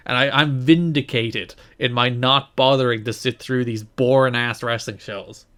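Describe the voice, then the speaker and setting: Animated laughing male podcast co-host. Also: normal speed, hardly any pauses. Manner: animated, laughing, jumps high in pitch when exasperated. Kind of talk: casual chat.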